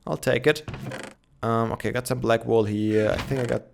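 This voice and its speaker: A man's voice: mid-range voice, steady tone, normal speed, vocal fry, slight background noise. A young man giving casual gameplay commentary, chatting and thinking aloud with many fillers, with his morning voice. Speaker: Minecraft let's player.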